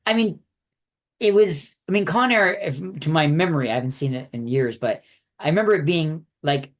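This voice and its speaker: A man co-hosting a podcast about films, rambling and halting, often ending with "right?". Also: fairly high pitch. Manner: rambling, halting, lots of 'right?' tags. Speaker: podcast co-host. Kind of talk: casual film chat.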